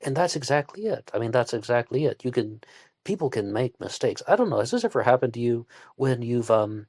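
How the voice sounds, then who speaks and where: This man's medium-pitched, slightly mellow voice swings widely in pitch and moves fairly quickly, recorded cleanly in a studio without echo. He's a true-crime podcast host from Virginia, from West Virginia, USA, rambling casually and asking his audience questions.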